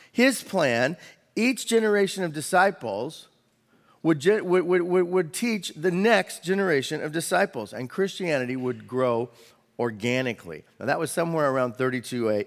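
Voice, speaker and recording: A man preaching a sermon as a pastor, in a conversational way with quick asides and the odd restart. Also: medium pitch, fairly bright tone. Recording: long hall reverb.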